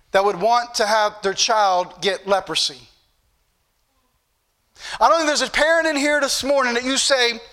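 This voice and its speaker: High bright-voiced preacher man. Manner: preachy, repetitive emphasis. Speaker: pastor. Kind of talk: sermon.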